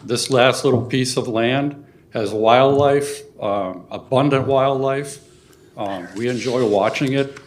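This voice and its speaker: An older man giving a public comment at a city meeting, earnest and halting, getting emotional at times. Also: mid-range voice. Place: city council chamber.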